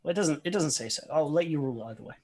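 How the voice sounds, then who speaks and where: A man at a tabletop game table who talks hesitantly and with many fillers while he argues over the rules. His voice is husky and breathy. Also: fairly high pitch, expressive, very fast, mellow. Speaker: player. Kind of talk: casual game table talk.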